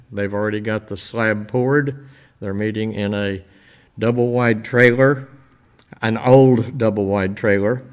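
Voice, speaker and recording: An older man speaking informally to a church congregation, telling stories in a folksy, rambling way with many pauses. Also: fairly low pitch, a bit bright, clean tone. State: emotional, voice dropping. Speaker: visiting church-building minister.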